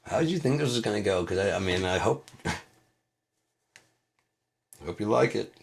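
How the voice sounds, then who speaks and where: A man around fifty from the United States, ranting casually as a show host. He swears constantly, rambles loosely and breaks into loud laughing outbursts. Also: on the low side, animated, normal speed, creaky, slight background noise.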